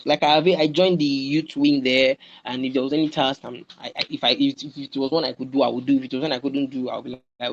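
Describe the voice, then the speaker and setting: Nigerian motivational speaker, young adult, repeats points and checks in with the audience, muffled lo-fi call audio. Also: mid-range voice. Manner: repeats phrases, keeps checking in with listeners. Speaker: webinar speaker. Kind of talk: motivational webinar talk.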